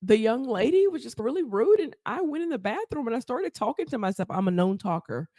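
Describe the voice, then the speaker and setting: A woman, a therapist, telling her story as a podcast guest, animated and laughing often as she acts out quotes. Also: on the high side, a little fast, dry recording, studio quality. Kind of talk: casual storytelling interview.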